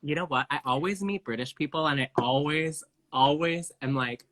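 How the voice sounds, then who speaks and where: A man's voice: fairly high pitch, normal speed, few pauses, a bit bright. Chatty man hosting a live chat. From Canada. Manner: chatty, many fillers, laughs easily. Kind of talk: casual chat. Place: home, video live stream.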